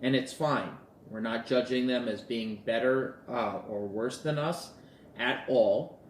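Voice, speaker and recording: A man talks to his audience as a relationship coach in a relaxed, conversational way, and he slips into short acted-out lines of dialogue as he tells a story. His voice sits at an ordinary middle pitch. It echoes around the room, with faint ambience behind it. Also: takes it slowly, a little hiss or hum. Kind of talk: casual talk to camera.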